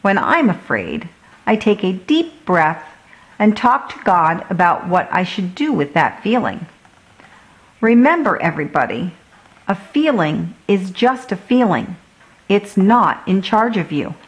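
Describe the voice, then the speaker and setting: A kind, calm teacher speaking to her class with steady reassurance, as a woman reads her aloud. Slow and warm storybook delivery. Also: mid-range voice, rough recording. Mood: reassuring.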